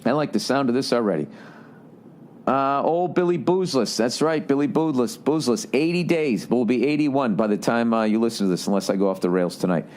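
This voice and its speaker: A man's voice: mid-range voice, brisk, a little mellow, slight background noise. A man hosting a podcast, ranting with heavy swearing and sarcasm and reading listener letters aloud. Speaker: podcast host. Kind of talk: casual podcast monologue.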